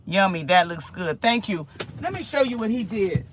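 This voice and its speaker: In her home kitchen, a woman vlogs to her viewers in a casual, animated way, rambling through a story and circling back to the same phrases. She has a mid-range voice at normal speed, with a little hiss or hum on the recording.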